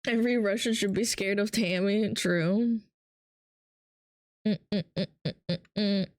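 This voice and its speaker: A woman's voice: medium pitch, steady tone, very slow, darkish tone, no echo. A young woman chatting casually on a live stream, playful and teasing, switching between English and Russian.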